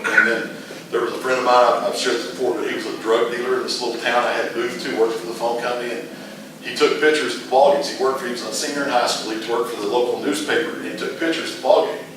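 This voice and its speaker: A man's voice: mid-range voice, fairly even intonation, fast talker, crowd noise. A middle-aged man teaching a casual Bible class, rambling through stories with frequent restarts. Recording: echoey room, mic far off, noisy.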